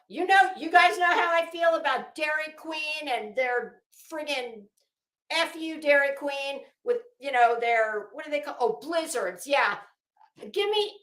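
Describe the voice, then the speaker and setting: A woman from Florida hosts a casual live chat on her commentary channel, rambling effusively and often cutting herself off mid-sentence. Her voice sits high with a fairly bright tone, and the sound is reverberant.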